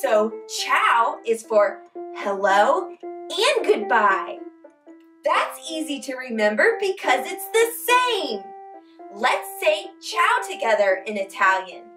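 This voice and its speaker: A woman hosting a preschool lesson, talking to toddlers in a bright, exaggerated, encouraging way and breaking into little sing-along chants. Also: sits high, sing-song, takes it slowly, far from the mic, faint music behind. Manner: bright, exaggerated, encouraging kids-show delivery. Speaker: children's show host.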